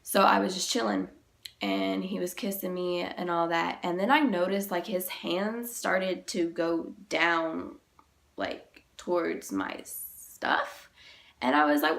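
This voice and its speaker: A young woman vlogger, sick and deeper-voiced than usual, retelling a personal story in a halting, emotional way, full of "like". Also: creaky, fairly bright tone.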